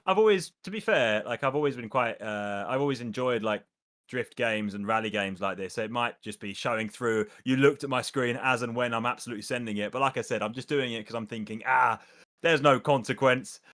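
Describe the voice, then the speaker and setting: A man's voice: mid-range voice, brisk, fairly bright tone. A man joining a racing stream by voice chat as a guest driver, chatting casually and mocking his own mistakes with laughs. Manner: laughing, self-mocking, upbeat. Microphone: voice chat mic.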